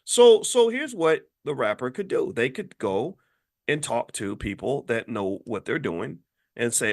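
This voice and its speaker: Emphatic man with lively pitch. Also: unhurried. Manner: emphatic, preacher-like, stammers into quoted voices. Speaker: finance educator. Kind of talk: impassioned commentary.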